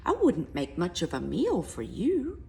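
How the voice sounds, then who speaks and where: A woman voicing a tiny pleading female mouse in a picture-book read-aloud, squeaky and high, with a gravelly edge under it. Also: huge pitch swings, unhurried, darkish tone, slight background noise, heavily acted.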